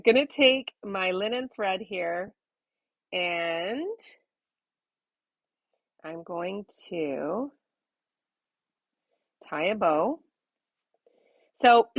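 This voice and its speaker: A woman's voice: lowish voice, dry recording. A woman hosting a live card-making demonstration, chatting upbeat and laughing often as she works. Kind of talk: live crafting demo.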